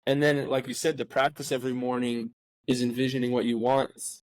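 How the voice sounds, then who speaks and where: A man's voice: medium pitch, little pitch movement, a little fast, no echo, rough recording. A man hosting a podcast, telling a story in a casual, emphatic way, often swearing and saying "like". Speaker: podcast host. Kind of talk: casual heartfelt conversation.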